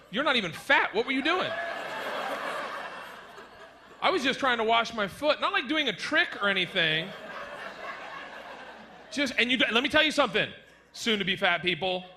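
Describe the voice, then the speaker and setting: A man's voice: high voice, big pitch swings, a little fast. A man doing a stand-up routine with self-mocking, punchy delivery. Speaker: stand-up comedian. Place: comedy stage before a live audience. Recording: live set with audience noise.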